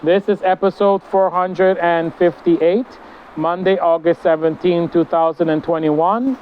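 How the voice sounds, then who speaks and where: A somewhat high-voiced man chats to his camera out on a deck, wandering from thought to thought with plenty of ums. The sound is dull and lo-fi, with faint outdoor noise behind him. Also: fairly even intonation, unhurried. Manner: meandering, chatty, many fillers. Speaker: spiritual vlogger. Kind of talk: casual spiritual vlog.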